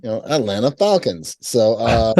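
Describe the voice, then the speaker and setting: A man's voice: medium pitch, dark tone, no echo, studio quality. A man co-hosting a podcast in casual chat, joking and laughing often, restarting his sentences. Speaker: podcast co-host.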